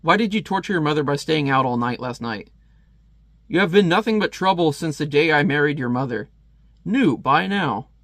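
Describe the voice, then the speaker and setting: A man voicing an irate, mustached stepfather who shouts indignantly at TV commercials. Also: a little high, moderate pace, no echo, close to an everyday voice.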